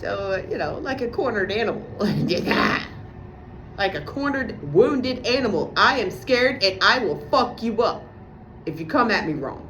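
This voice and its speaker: A woman's voice: mid-range voice, expressive, a little slow, noisy background. A woman vlogger ranting in a casual monologue, profane and sarcastic as she vents about a friend.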